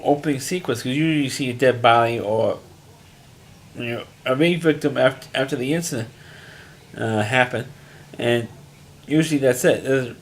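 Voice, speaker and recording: A man casually recapping a TV episode in a rambling monologue, restarting his sentences often. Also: medium pitch. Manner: rambling, frequent restarts and fillers, plain-spoken. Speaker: TV episode reviewer.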